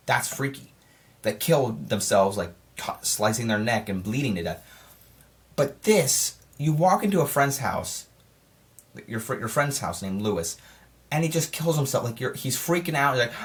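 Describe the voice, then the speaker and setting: A man giving a casual spoiler review of a horror film, talking in an excitable, rambling way and often correcting himself mid-sentence. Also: mid-range voice, moderate pace.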